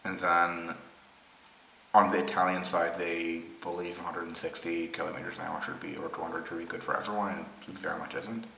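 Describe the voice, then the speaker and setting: A man's voice: sits low, little pitch movement, fairly quick, vocal fry, pushed and bright, slight background noise. A man from Israel presenting rail maps in an unscripted screen-share explainer, thinking aloud with many ums and restarts. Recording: roomy echo with faint ambience.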